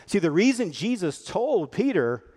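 A man's voice: sits high, big pitch swings, unhurried, a little mellow, breathy edge. A man preaching a sermon in an earnest, conversational way, acting out the lines he quotes. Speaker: pastor. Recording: long hall reverb.

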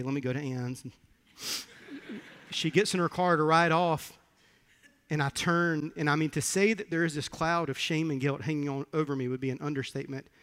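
A man's voice: fairly high pitch, a bit bright, long reverb tail. A man preaching a sermon as pastor, telling a personal story in an earnest way and repeating words when moved. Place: church sanctuary.

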